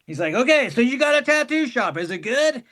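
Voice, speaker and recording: A man chatting casually as a podcast guest, telling animated road stories, acting out other people's voices and swearing freely. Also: extremely high pitch, a little fast. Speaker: guest, tour crew member. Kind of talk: casual chat.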